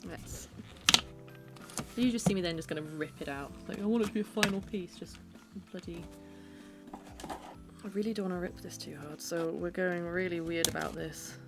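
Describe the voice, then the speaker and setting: Loud music plays behind this young British woman as she sketches at home in her living room, talking in a rambling, self-deprecating way for her art vlog. Her voice sits on the low side, creaky and moderately paced.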